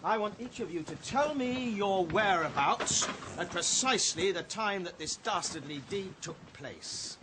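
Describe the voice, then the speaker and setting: A pompous declaiming detective. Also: male voice, high-pitched, lively intonation, measured pace, hardly any pauses, noisy background. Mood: accusing. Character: pompous theatrical male detective questioning suspects. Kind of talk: comic murder-mystery film acting.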